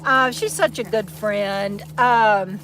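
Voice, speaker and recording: A woman's voice: medium pitch, slow pace, a bit bright. A woman from Texas, chatting casually and rambling on a live stream while sitting outdoors by an RV, laughing often and talking into a handheld phone. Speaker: vlogger hosting a live chat. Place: outdoors in the shade beside an RV.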